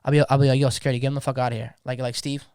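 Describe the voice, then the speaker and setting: Fast-talking passionate young man. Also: mid-range voice, flat delivery, a little mellow, clear, resonant tone, no echo, studio quality. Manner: passionate, slangy, repeats words when worked up. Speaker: DJ guest. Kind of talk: casual podcast conversation.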